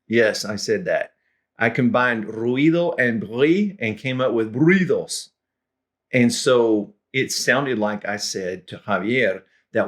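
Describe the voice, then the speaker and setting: A middle-aged man, a language tutor, telling funny stories from his learning in a relaxed, chuckling way and clearing his throat now and then. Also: mid-range voice, takes it slowly. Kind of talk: anecdotal lesson storytelling.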